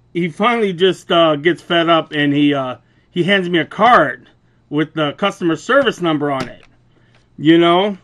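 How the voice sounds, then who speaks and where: A young adult man with a loud, booming voice retells a store argument in a casual, profane, animated way, laughing as he goes. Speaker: vlogger. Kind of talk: casual storytelling rant.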